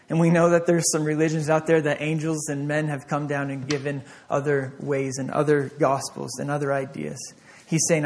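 A man's voice: a little high, darkish tone. A man preaching a conversational sermon as pastor, acting out back-and-forth dialogue with God.

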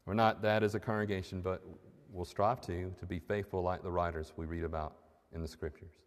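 A man's voice: low voice, flat delivery, fairly quick. Emphatic male preacher in a reverberant hall. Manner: emphatic, rising to stressed peaks on key phrases. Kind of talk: sermon. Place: church hall.

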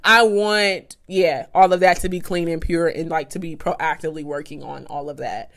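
A woman's voice: low-pitched, steady tone, moderate pace. A young woman co-hosting a podcast, chatting casually and telling a story with lots of "like". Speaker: podcast co-host. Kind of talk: casual chat.

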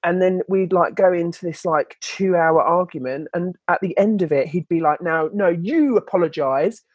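A woman's voice: fairly low pitch, fairly even intonation, normal speed, husky, no echo. Chatty woman, dry close sound. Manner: chatty, many "like" and "you know" fillers. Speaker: guest, children's book author. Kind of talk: candid podcast interview.

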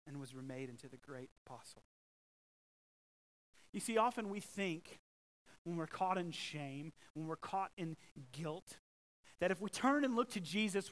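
A man preaching a sermon as pastor, emphatic and swinging from loud, stressed lines to hushed ones. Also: high voice, rough recording.

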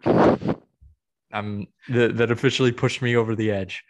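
A man's voice: mid-range voice, fairly even intonation, measured pace. A young man co-hosting a podcast, venting in a rambling, exasperated way with many restarts. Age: young adult. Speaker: podcast co-host. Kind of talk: casual chat.

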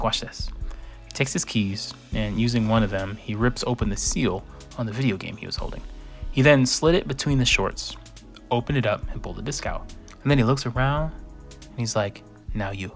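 A man's voice: medium pitch, fairly bright tone. A young man telling a first-person story in a casual, conversational way, acting out quoted lines.

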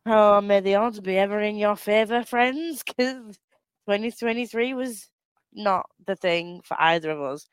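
A woman's voice: medium pitch, a little slow, clear, resonant tone, dry recording. Female co-host, giggly rambling chatter, dry close sound. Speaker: podcast co-host. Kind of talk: casual chat.

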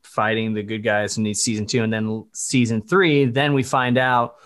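A man's voice: lowish voice, little pitch movement, moderate pace, fairly bright tone. Rambling man, stop-start speech. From Dallas-Fort Worth area, USA. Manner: rambling, stop-start, self-correcting, laughs often. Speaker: voice actor guest. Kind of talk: casual podcast interview.

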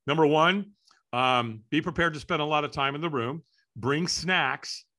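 A middle-aged man telling a story as an interview guest, lively and acting out the voices of people in it. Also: on the high side, a little slow. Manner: animated, acts out voices in his story. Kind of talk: storytelling in conversation.

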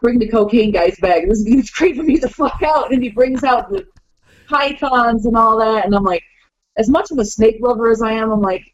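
A woman's voice: fairly high pitch, normal speed, dry recording, muffled recording. A woman wrestler calling in to a podcast, chatting casually and acting out quotes in playful voices. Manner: animated, acts out quotes in funny voices. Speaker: wrestler guest. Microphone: call-in line.

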